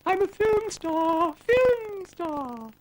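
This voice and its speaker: A man voicing a giddy, starstruck female cow who gushes in a shrill voice. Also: sing-song, extremely slow, background noise, exaggerated voice. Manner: shrill, gushing.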